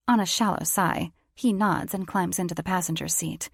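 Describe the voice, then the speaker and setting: A woman narrating a first-person romance audiobook in a wry, confiding inner voice. Her tone sits on the low side with a gravelly grain. The recording is close and dry. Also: normal speed, hardly any pauses, no echo.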